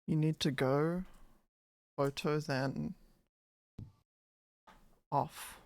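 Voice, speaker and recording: A woman streamer with a low, gravelly voice chats in a playful, teasing and goofy way. She talks slowly, and the sound is dry and close on a desk mic. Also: fairly even intonation, a little mellow, no room sound. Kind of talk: casual live-stream chat.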